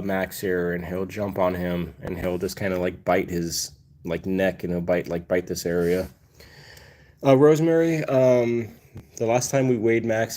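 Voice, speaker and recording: A man's voice: low voice, dark tone. A man hosting a casual livestream, explaining things in a rambling way full of fillers and restarts. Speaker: cat channel host.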